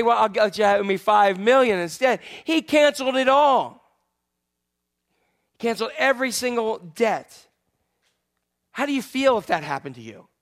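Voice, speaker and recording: A man with a notably high voice preaches to his congregation in a chatty, questioning way. He jumps from loud, emphatic lines to near-hushed ones. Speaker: pastor. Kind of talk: sermon.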